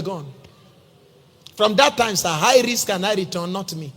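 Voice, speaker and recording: A Nigerian man preaches in a high, husky voice, joking and telling stories as he keeps calling his listeners sir. His sermon rings out with a long reverb from a large hall. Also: lively intonation, a little slow, long pauses, a bit bright. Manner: storytelling, humorous, addresses listeners as sir. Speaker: pastor.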